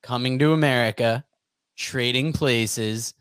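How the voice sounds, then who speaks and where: A man's voice: mid-range voice, measured pace, fairly bright tone, smooth, no room sound. Man running podcast segments, dry sound. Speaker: podcast co-host. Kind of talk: casual chat, reading listener lists.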